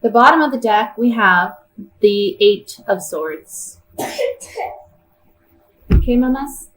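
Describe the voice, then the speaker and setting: A woman's voice: mid-range voice, slow, fairly bright tone, slight background noise, low-quality recording. A woman giving a tarot reading in a casual, chatty way, thinking aloud as she turns the cards. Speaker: tarot reader.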